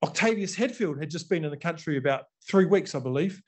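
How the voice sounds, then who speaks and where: A man's voice: a little high, expressive, brisk, darkish tone. A middle-aged man with a New Zealand accent giving a conversational storytelling talk to an audience, acting out quotes and using many fillers.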